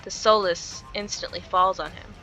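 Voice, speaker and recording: A woman with a bright, forceful voice reads a visual novel aloud. She gives the horror story a dramatic read, then drops into quick, giggly asides to herself. Soft music plays faintly underneath. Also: fairly low pitch, fairly even intonation. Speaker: game streamer.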